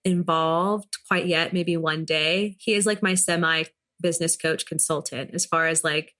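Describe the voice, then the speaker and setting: A woman's voice: low-pitched, steady tone, normal speed, sharp tone. A woman in her thirties, a business founder talking as a podcast guest in a chatty, playful way with plenty of fillers. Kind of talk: casual interview chat.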